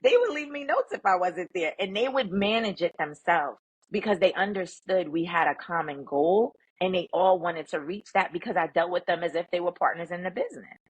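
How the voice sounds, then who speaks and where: Husky-voiced woman telling work stories. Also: fairly low pitch, fairly quick, highs cut off. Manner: animated, emphatic, acts out quoted dialogue. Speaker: guest, emotional intelligence speaker. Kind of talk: conversational storytelling.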